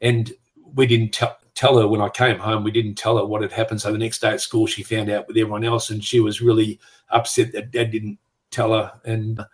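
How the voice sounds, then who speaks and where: A man in his sixties with an Australian accent, a retired police superintendent speaking as a guest on a video call, halting and reflective with frequent restarts. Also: on the low side, level tone. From Western Australia. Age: 60s. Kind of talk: conversational interview.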